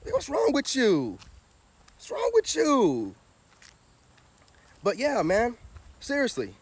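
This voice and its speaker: A man's voice: high voice, a little hiss or hum. A man giving a preachy livestream monologue as a spiritual vlogger and tarot reader, full of rhetorical questions.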